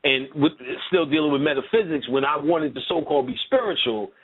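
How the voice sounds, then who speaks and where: A man's voice: fairly high pitch, fairly quick, slightly rough. A man lecturing in casual conversation, telling a rambling, profane story full of asides. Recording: tinny phone-like line.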